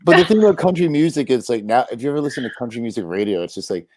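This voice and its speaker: A man's voice: medium pitch, very animated, racing, a little mellow, no echo. A man playing as a contestant in a casual online quiz, talking over a video call, rambling and swearing and often trailing off. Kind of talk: casual chat.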